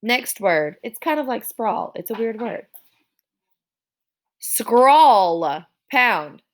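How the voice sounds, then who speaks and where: A woman's voice: fairly high pitch, lively intonation, a little slow, a bit bright. A woman teacher giving a classroom spelling dictation, sounding out words syllable by syllable.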